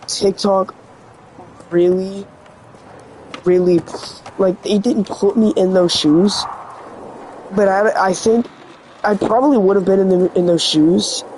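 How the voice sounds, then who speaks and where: A man's voice: high-pitched, darkish tone, slight background noise, low-quality recording. A teenage boy vlogging in an earnest, rambling way, full of "like" fillers, his voice slightly sick and cracking. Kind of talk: confessional vlog talk.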